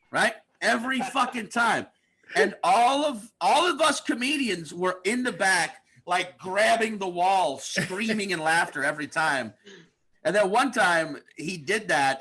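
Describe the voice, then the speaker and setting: A man who is a guest comedian on a podcast, telling animated stories and acting out the people in them. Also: high voice, husky. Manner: animated storyteller, acts out the people he describes. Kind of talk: podcast chat.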